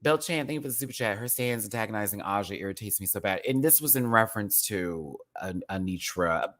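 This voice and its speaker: A man from Houston hosting a casual livestream review, talking in an animated, campy and profane way with lots of fillers. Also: lowish voice, brisk. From Houston, Texas. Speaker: livestream show host.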